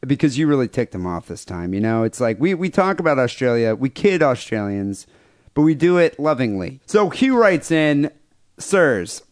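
A man's voice: medium pitch, no room sound, clean studio sound. An American man co-hosting a crude comedy podcast, reading listener emails aloud with sarcastic asides. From United States. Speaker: podcast co-host.

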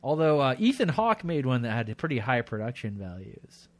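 A man co-hosting a podcast, chatting crudely and laughing often. His voice sits at an ordinary middle pitch. The sound is dry and close, with no room around it. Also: sing-song, moderate pace, no echo. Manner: crude, laughing, puts on silly voices in anecdotes. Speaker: podcast co-host. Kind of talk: casual comedic chat.

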